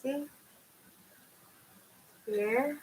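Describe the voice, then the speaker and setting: A woman's voice: high-pitched, extremely slow, a little mellow, a little hiss or hum, poor audio. A woman chatting casually with her live viewers in a rambling way, tossing them lots of questions. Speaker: tarot reader chatting with livestream viewers.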